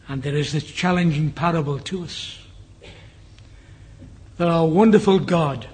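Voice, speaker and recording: Earnest older English preacher, husky voice. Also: male voice, a little high. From England. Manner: earnest, drops to a hushed whisper for the dying man's words. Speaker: guest preacher. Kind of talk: sermon with a personal story.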